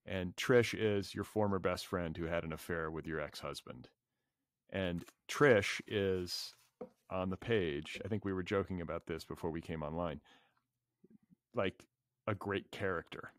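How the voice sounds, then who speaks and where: Man, podcast host, deep voice, relaxed, dry close sound. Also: unhurried, no echo. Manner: relaxed, searching for words. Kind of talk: casual interview chat.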